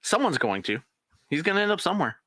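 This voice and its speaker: A man with a slightly high, bright voice, chatting easily and laughing along with his co-host. He often restarts his sentences before landing the point. The sound is dry and close-miked. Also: very animated, quick pace, no room sound. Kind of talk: casual chat.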